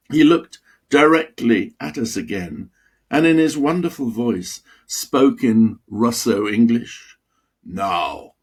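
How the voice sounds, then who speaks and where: A man reading aloud from his own memoir with expressive, dramatic storytelling. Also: mid-range voice, breathy edge.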